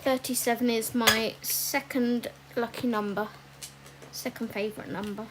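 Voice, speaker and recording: A woman's voice: on the high side, steady tone, unhurried, noisy background. A woman chatting casually while colouring on a livestream, with lots of ums and asides to viewers reading their comments.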